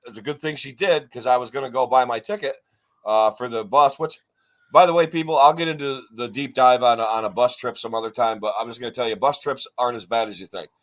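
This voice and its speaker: Male co-host, loose rambling storyteller, curses freely, average pitch. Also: quick pace. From New York State. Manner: rambling, profane, animated retelling. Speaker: podcast co-host. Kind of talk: casual storytelling chat.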